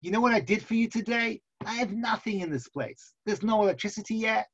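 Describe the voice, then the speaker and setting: A man's voice: high-pitched, a little fast, fairly bright tone, husky, highs cut off, pitched above the performer's own voice, heavily acted. A man voicing a young wife who complains, exasperated and overwhelmed, about her hard daily life.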